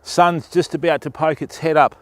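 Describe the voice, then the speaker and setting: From a riverbank outdoors, an Australian fishing livestreamer chats casually on his phone, greeting viewers by name in a matey way. His voice is a little high and fairly bright, with fairly even intonation at a moderate pace, recorded dry.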